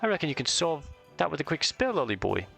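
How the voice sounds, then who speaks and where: A man's voice: fairly high pitch, very animated, fast, vocal fry, fairly bright tone, faint music behind, pitched above the performer's own voice, exaggerated voice. A man voicing a cheerful male fairy sidekick with a Welsh accent, chirpy and full of slang.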